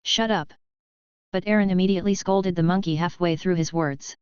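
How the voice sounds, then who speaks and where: Woman, audiobook narration, even steady reading, lowish pitch, dry close sound. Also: fast, clean tone, dry recording. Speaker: audiobook reader. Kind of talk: scripted narration of a fantasy audiobook. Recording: dull, lo-fi, dry.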